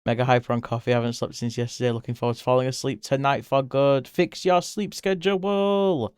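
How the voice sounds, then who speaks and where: A man chatting casually with viewers while he draws on a live stream, giggling often, swearing freely and jumping to high squeals when excited. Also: very fast, clear, resonant tone, dry recording, clean studio sound. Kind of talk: casual chat while drawing.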